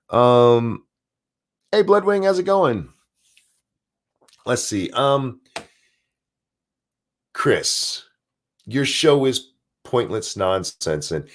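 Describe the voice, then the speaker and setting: A man hosting a live stream, reading news articles aloud and ranting about them with sarcasm and profanity. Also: lowish voice.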